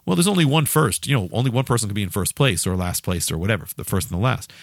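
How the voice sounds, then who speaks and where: A man's voice: lowish voice, sing-song, fast, gravelly, no room sound, clean studio sound. A man preaching a sermon with emphatic, repeated phrasing, restarting his sentences and putting questions to his listeners.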